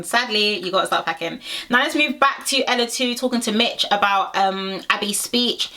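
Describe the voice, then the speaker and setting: Young woman chatting frankly to her viewers about a reality show, bright forceful voice. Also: mid-range voice, moderate pace. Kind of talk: casual reaction chat.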